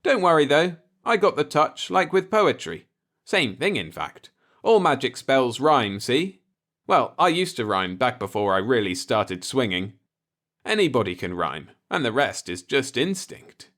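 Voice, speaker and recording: A man's voice: mid-range voice, big pitch swings, unhurried, a bit bright, voice pushed up. A man voicing a young bearded beatnik TV repairman who talks in confident hip slang.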